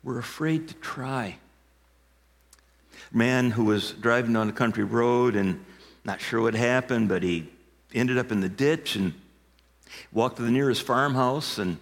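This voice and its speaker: An older man in his sixties delivers a sermon as a longtime pastor. His pitch sits in the middle of the range, and he builds his stories toward emphatic, shouted punchlines. His voice carries a long reverb, as if filling a church sanctuary. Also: a little slow, pauses often.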